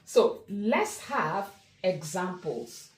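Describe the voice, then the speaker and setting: A woman teaching a French lesson online as a tutor, explaining slowly and deliberately and spelling out word pairs. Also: medium pitch, expressive, echoey room.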